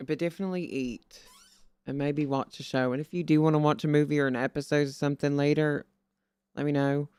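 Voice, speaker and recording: A man's voice: on the high side, little pitch movement, brisk, a little mellow, smooth, no echo. A man streaming and chatting casually, rambling and swearing as he gives friendly advice in a playful put-on Southern drawl. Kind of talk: casual chat.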